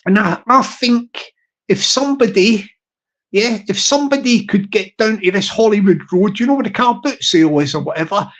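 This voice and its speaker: Brief: male livestream host, light and high-ish, casual, rambling, stop-start. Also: moderate pace, fairly bright tone. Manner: rambling, stop-start, full of restarts and fillers.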